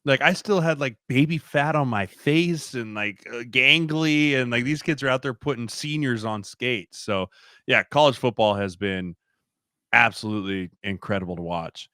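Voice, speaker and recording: A former football player as a podcast guest, talking in a laid-back casual way with lots of "like". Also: male voice, medium pitch, moderate pace, pushed and bright, dry recording, studio quality. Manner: laid-back, says "like" often. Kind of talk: casual sports chat.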